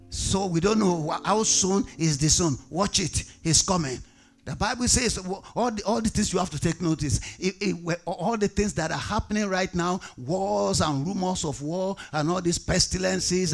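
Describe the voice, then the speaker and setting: A man's voice: high voice, moderate pace, soft background music. A male pastor preaching a fervent church sermon, repeating short commands and calling out hallelujahs. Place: church service with music behind.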